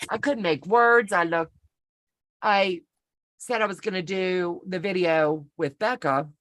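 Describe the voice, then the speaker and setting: A woman co-hosting a sewing pattern walk-through speaks unhurriedly in a lowish, fairly bright voice, recorded dry. Over a home video call she meanders through a personal story in casual, chatty, folksy fashion, laughing at herself.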